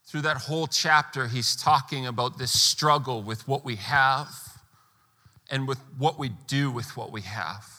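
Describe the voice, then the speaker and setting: A man preaching a sermon as pastor, emphatic, pressing hard on key words and rising to near-shouts. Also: medium pitch, measured pace, big-room sound.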